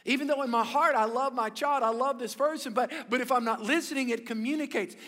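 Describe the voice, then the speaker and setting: Preaching briskly, the pastor's high voice alternates between forceful, loud points and soft, personal asides. His sermon echoes through the church with a long reverb.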